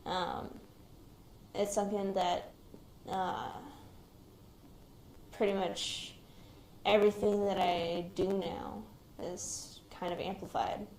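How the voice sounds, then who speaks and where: Speaking slowly in a level tone, a young woman with a mid-range voice recounts her personal experience as a shooting survivor and active military member during an interview. She is hesitant, reflective and quiet-spoken. The recording is roomy, with faint background noise.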